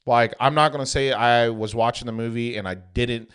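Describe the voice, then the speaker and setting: Rambling young man, smooth voice. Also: mid-range voice, steady tone, normal speed, a bit bright. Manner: rambling, heavy on fillers. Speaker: podcast co-host. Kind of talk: casual chat.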